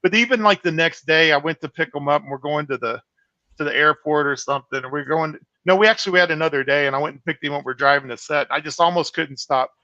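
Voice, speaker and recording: A man with a bright, forceful and fairly high voice tells lively behind-the-scenes stories over a video call. He swears freely and fills his talk with "uh" and "you know." The call audio is dry and a little muffled. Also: fast talker, dry recording. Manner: animated, swears freely, many fillers. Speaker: horror film director, guest. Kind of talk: casual anecdotal storytelling.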